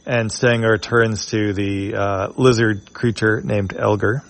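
A man with a fairly low voice reads a webcomic aloud, walking through each panel. He narrates casually and loosely, often pausing on fillers. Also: level tone, gravelly. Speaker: comic reader.

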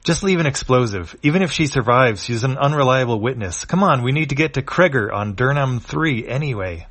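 A man's voice: medium pitch, lively intonation, a little fast, fairly bright tone, slightly rough, pitched above the performer's own voice. A man reading a comic aloud, voicing a ruthless accomplice who gives curt orders over a communicator. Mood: commanding. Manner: curt, commanding.

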